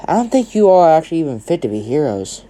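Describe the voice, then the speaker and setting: A man's voice: on the high side, big pitch swings, brisk, mellow. A man voicing a smug, overpowered teen boy hero who talks in an offhand, casually cruel way.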